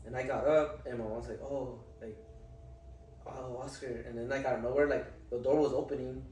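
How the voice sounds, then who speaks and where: A man's voice: mid-range voice, steady tone, a little mellow, distant mic, slight background noise. Casual, swearing man in a roomy space. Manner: casual, profane, halting with many fillers. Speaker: podcast host. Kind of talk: casual conversation.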